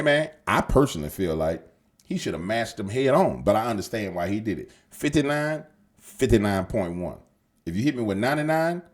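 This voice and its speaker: A man's voice: mid-range voice, a little mellow, breathy edge. A man hosting a commentary show, talking in a casual, profane, streetwise monologue aimed straight at his viewers. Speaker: political commentary podcast host.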